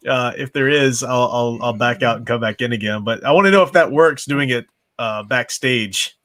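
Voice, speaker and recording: A man's voice: mid-range voice, moderate pace, fairly bright tone. A man hosting a casual book club livestream from a home mic, chatty, restarting his sentences often. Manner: chatty, frequent restarts and laughs.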